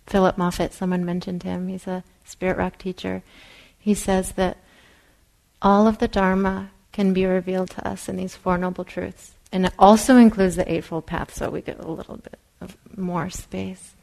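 A woman meditation teacher giving a dharma talk in a soft, unhurried way, sometimes dropping to a whisper. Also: on the low side, flat delivery, creaky, low-quality recording. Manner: soft-spoken, drops to a whisper at times.

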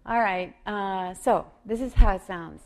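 Woman, meditation teacher, gentle, reflective, slow delivery, mid-pitched voice. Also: creaky, noisy background. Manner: gentle, reflective, thinking aloud. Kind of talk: teaching talk on loving-kindness meditation.

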